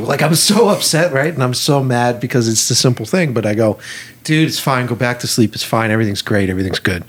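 Husky man telling stories, swearing freely. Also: mid-range voice, quick pace. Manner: animated, profane, acts out dialogue. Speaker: film director. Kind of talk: casual storytelling conversation.

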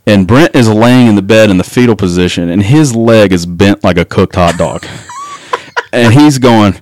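A man's voice: on the low side, normal speed, a little mellow, slight background noise. A man telling a rowdy, profane anecdote in a casual chat, laughing as he goes. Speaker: guest. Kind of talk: casual storytelling.

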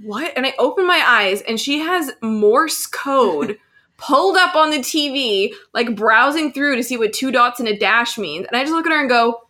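A woman's voice: sits high, lively intonation, moderate pace, sharp tone. A woman co-hosting a podcast, chatting casually about a TV episode and teasing her friend with dry quips. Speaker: podcast co-host. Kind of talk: casual chat recapping a TV episode.

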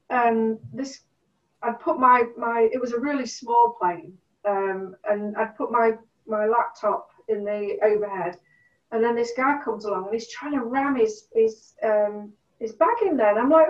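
A middle-aged woman telling stories in a casual chat, animated, acting out what people said. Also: on the high side, a little slow. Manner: animated storyteller, acts out quotes. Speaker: guest. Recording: distant, roomy, dull sound.

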